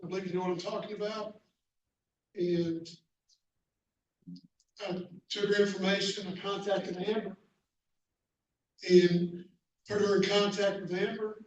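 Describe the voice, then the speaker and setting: A man from the club speaking at a meeting in a measured way with fumbling restarts, heard from a distance in an echoey room. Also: high voice, flat delivery. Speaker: club member. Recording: echoey hall, distant mic, faint noise.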